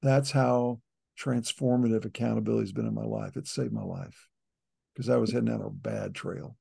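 Gravelly, husky middle-aged man testifying. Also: fairly low pitch, steady tone, moderate pace, dark tone. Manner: earnest storytelling, repeats words when emotional. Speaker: ministry leader, guest. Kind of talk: personal testimony in conversation.

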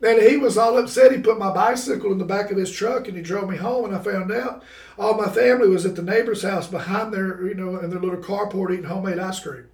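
A man telling a story from his childhood in a casual chat, animated and laughing as he tells it. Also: sits high, fast, recorded from a distance. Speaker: guest. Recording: roomy sound, away from the mic.

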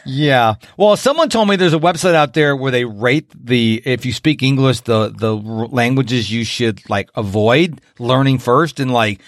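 A man from upstate New York hosting a podcast, talking in a high-energy, jokey, animated way. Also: measured pace, few pauses, no room sound, clean studio sound. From Rochester, New York. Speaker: podcast host. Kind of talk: casual interview chat.

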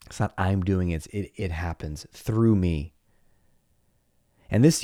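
A man's voice: fairly low pitch, warm tone, dry recording, studio quality. A man, likely in his forties, hosting a podcast in a candid, reflective monologue with playful asides, acting out his own inner voices. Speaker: podcast host.

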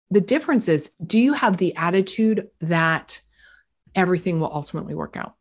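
A woman's voice: fairly low pitch, a little fast, creaky, a little mellow. A woman hosting a self-help podcast who coaches her listeners directly, firing questions at them, talking casually and bluntly with some mild swearing. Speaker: podcast host. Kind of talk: motivational self-help talk.

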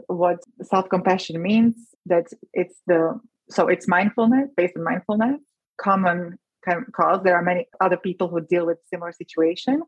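Earnest husky woman physician. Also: fairly low pitch, dry recording, muffled recording. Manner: earnest, emotional, restarts often. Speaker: physician guest. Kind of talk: podcast interview.

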